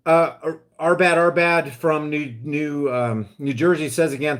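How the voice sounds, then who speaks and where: A man hosting a live stream, ranting in a heated, emphatic way, then dropping into quieter asides to his viewers. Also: on the high side, lively intonation, moderate pace, hardly any pauses. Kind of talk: impassioned live-stream rant.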